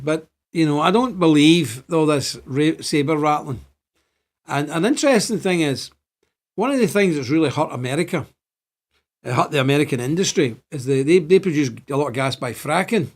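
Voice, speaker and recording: An older man with a Northern Irish accent hosts a rambling livestream commentary. His voice sits high and swings widely in pitch, and he laughs between his points. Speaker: show host. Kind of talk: livestream commentary reading chat.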